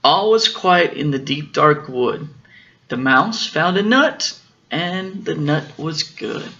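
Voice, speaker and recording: A father reads a picture book aloud to his children, gently explaining the story as he goes. His fairly high, gravelly voice is expressive and slow, though the audio sounds dull.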